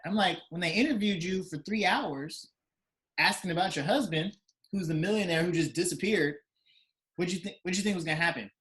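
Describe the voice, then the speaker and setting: A man's voice: high-pitched, brisk, a bit bright. A man co-hosting a casual chat podcast over a remote video call, joking and bantering. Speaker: podcast co-host.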